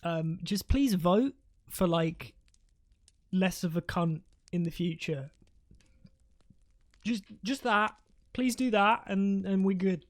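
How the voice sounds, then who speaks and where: Her mid-range voice is slow, with long pauses. The woman is casually casting a live strategy game match, drifting from point to point, swearing freely, and laughing at her own humor.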